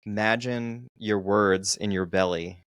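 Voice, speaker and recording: Deep gravelly man chatting on a podcast. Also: fairly even intonation, fairly bright tone, dry recording. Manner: slow, deliberate storytelling with restarts. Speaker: podcast co-host, dating coach. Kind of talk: casual podcast chat.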